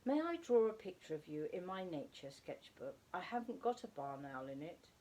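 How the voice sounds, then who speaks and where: A woman's voice: fairly low pitch, sing-song, moderate pace, dark tone, slight background noise, poor audio. A woman voicing a sweet, kind young lady who draws in a sketchbook, in a storybook reading.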